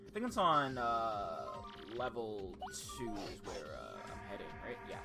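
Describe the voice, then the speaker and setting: A man's voice: on the low side, big pitch swings, measured pace, creaky, music in the background. A man streaming a video game, muttering and rambling casual asides to himself. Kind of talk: casual live-stream gameplay chat.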